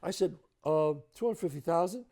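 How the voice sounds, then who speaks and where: A man with a New York accent telling animated, profane stories as a guest at a home, acting out the other people in them. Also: fairly high pitch, brisk. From the Bronx, New York. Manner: emphatic, profane, acts out other people's lines. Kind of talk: animated storytelling.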